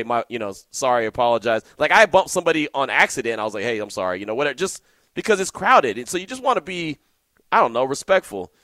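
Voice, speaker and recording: A man's voice: on the high side, a bit bright, dry recording. A man hosting a sports radio show, telling stories in a loose, chatty, slangy way. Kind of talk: casual radio chat.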